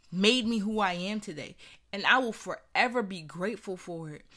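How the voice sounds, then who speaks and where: Bright-voiced woman telling her story. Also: medium pitch. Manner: earnest, conversational, acts out quoted voices. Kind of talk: candid personal storytelling.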